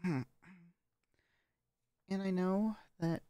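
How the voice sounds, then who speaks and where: A woman chats about her voice practice in a casual vlog, pausing often and tossing in curse words. Her voice sits low and the pace is very slow. The room sounds dead dry. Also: dark tone, no echo. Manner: hesitant and halting, with frequent swearing. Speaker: vlogger practicing voice training.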